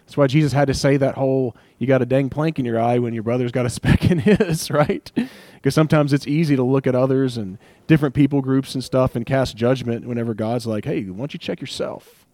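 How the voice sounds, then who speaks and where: Animated young male pastor, dry sound. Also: medium pitch, a little fast, no echo. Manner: conversational, animated preaching with laughs and acted asides. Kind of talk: sermon.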